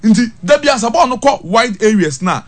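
Animated man breaking down tactics. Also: very high voice, a little fast. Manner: animated, repeats key terms, mixes English terms into Twi. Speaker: football tactics analyst.

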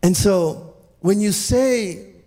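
High, gravelly male preacher. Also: extremely slow, in a large hall. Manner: animated, restarts often, exclaims hallelujah and amen. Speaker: pastor. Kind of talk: sermon.

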